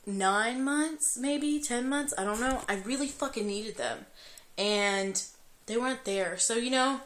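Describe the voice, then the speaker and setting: A young woman vlogging at home late at night. She is tearful and crying as she talks, rambling and swearing freely, halting often with fillers. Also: a little high, fairly bright tone. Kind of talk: emotional confessional vlog.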